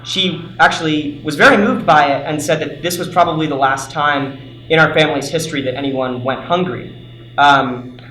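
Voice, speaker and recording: A man's voice: a little high, normal speed, pushed and bright. A young man hosting a student talk show, earnestly asking prepared interview questions. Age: young adult. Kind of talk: casual interview. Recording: echoey room with hiss.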